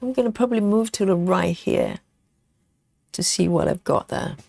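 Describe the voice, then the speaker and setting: A woman's voice: mid-range voice, moderate pace, vocal fry, mellow, no echo. A woman hosting a live cross-stitch stream, chatting casually, laughing often and thinking aloud as she stitches. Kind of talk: live stitch-along chat.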